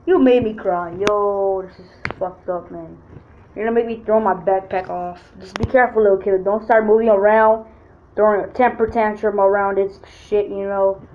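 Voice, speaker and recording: A young woman giving casual, profane gameplay commentary as a YouTuber, excitable and full of slang. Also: medium pitch, normal speed, muffled recording, a little hiss or hum. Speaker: gaming YouTuber.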